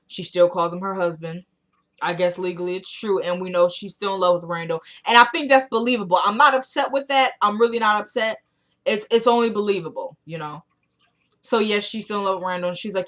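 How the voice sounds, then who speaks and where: A woman's voice: medium pitch, a little fast. Chatty woman recapping TV episodes. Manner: retells scenes line by line with "she goes"; chatty and excitable, with asides to viewers. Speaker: TV episode reviewer. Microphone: camera microphone.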